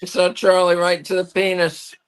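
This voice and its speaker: A man's voice: high voice, completely flat delivery, normal speed, clean tone. A man co-hosting a casual wrestling watch-along, blunt and wisecracking. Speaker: co-host. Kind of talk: casual chat.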